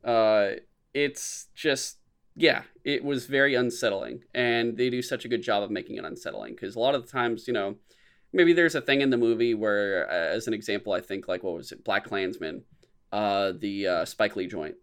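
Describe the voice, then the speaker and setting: A young man co-hosting a podcast in casual chat, rambling and swearing, his voice jumping high whenever he acts out a reaction. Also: normal speed, smooth. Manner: rambling, animated, swears often, voice jumps high when quoting reactions. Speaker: podcast co-host.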